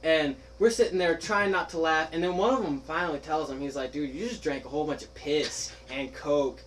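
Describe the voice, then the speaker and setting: A young man spins a story for his friends, voicing each person in turn and breaking into laughter. His voice sits a little high. A light background hiss runs under it. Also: a little fast, rough recording. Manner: animated, laughing, acts out quoted friends. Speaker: podcast host telling a story. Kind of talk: casual storytelling chat.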